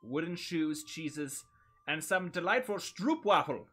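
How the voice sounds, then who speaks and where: Thirties male streamer, jokey, trails off, lively swooping delivery. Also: on the high side, a little slow. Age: 30s. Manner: joking, animated, often trails off mid-sentence. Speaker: co-host of a game livestream. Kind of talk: casual gaming stream chat.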